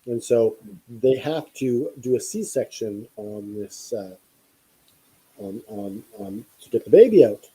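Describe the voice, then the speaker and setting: A man's voice: mid-range voice, animated, slow, warm tone, slightly rough, poor audio. A man hosting a podcast, telling a long story in a casual, rambling way with many fillers and restarts. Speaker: podcast host.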